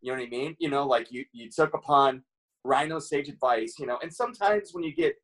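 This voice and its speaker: A man's voice: medium pitch, fairly quick, a bit bright, rough recording. A man in a casual podcast chat, talking earnestly and filling his sentences with "you know".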